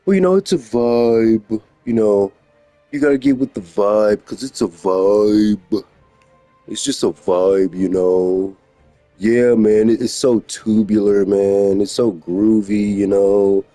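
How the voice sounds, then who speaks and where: A man putting on a mocking voice of a carefree hippie woman with a drawn-out, laid-back drawl. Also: lowish voice, warm tone, dry recording, soft background music, voice pushed up. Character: mocked carefree hippie woman, airy and dreamy.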